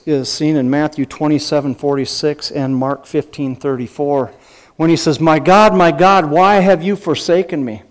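A slightly high, slightly mellow voice carries this middle-aged pastor's sermon. Earnestly teaching, he questions his listeners rhetorically and cites scripture, frequently starting over and tossing in small chuckles.

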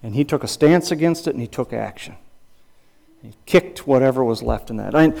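A man preaching from the pulpit, his voice sitting a little high for a man. He talks emphatically, repeats his phrases and asks the congregation rhetorical questions as he makes his points. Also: sing-song, normal speed, gravelly, darkish tone. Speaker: pastor and counselor. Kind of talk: sermon.

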